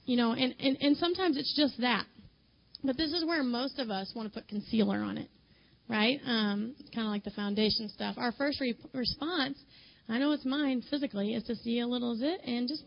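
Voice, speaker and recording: A mother addresses a women's group in a chatty, conversational sermon, speaking directly to her listeners and saying "you know" a lot. Her voice is on the high side, fast and creaky, and the audio is dull.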